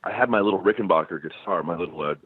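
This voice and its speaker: Deep voiced american guy on a phone line, laughs a lot, chatty interview. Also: very fast, slightly rough, no room sound. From United States. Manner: animated storyteller, laughs often, many restarts. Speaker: musician guest. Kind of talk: casual interview chat.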